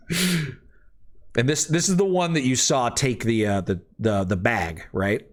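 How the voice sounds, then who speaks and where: A man's voice: mid-range voice, takes it slowly. A man narrating a tabletop game as game master, loose and rambling with many fillers.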